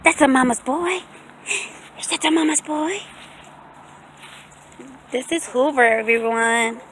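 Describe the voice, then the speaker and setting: A woman's voice: sits high, slow, fairly bright tone, slight background noise. A young woman, filming a casual vlog outdoors in a field, talking in sing-song baby talk to her dog. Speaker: vlogger.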